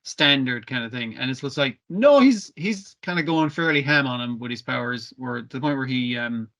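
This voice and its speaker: A man's voice: medium pitch, moderate pace. A man recapping anime on a podcast in casual chat, swearing a lot and acting out the characters' lines. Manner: swearing, animated, acts out quotes. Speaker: podcast co-host.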